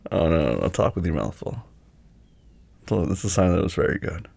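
A young man speaks as the listener's boyfriend in a one-sided role-play, gentle and teasing. His voice is low and full of vocal fry, with a husky, rough edge. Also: dry recording. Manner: gentle, teasing and affectionate, laughs often.

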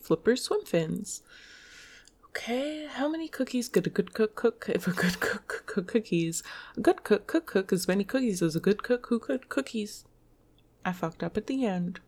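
A woman's voice: medium pitch, a little mellow. A woman reading tongue twisters aloud in a casual solo video, laughing and swearing at her own slip-ups.

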